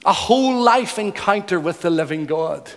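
A man's voice: sits high, expressive, moderate pace, a bit bright. A man preaching a sermon in earnest, building emphasis through repeated phrases. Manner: earnest, emphatic, rhythmic repetition. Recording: long hall reverb.

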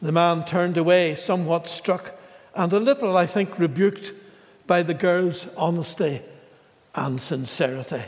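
Slow, measured preacher in a reverberant hall. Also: male voice, a little high. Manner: slow, measured delivery with dramatic pauses. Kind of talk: sermon.

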